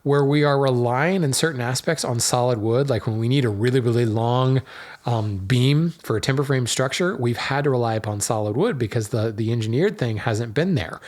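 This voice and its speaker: A man's voice: medium pitch, moderate pace, darkish tone. A man hosting a podcast, talking casually and loosely with many fillers and restarts as he works at a hardwood dealer. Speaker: podcast host. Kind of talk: casual solo talk.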